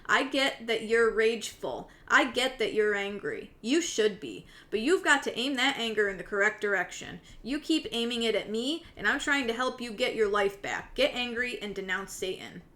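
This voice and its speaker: A woman's voice: fairly high pitch, animated, normal speed, hardly any pauses. A woman reading out a stern scolding mother. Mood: lecturing. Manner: loud, lecturing, religious reproach.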